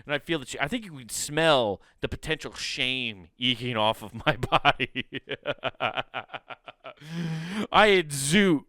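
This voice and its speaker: A man's voice: medium pitch, expressive, slow, bright, forceful tone, dry recording, clean studio sound. A man in his thirties, a comedian hosting his podcast, ranting and cursing through a comic monologue and acting out little scenes. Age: 30s. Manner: profane, ranting, acts out bits in a raised voice.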